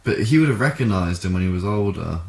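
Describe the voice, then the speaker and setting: A man co-hosting a laid-back fan review podcast in a chatty, joking way. His fairly low voice sounds roomy and echoey, with a faint hiss underneath. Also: animated, quick pace. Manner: chatty and jokey, wraps up the show. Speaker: podcast co-host. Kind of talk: casual fan review chat. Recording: echoey room.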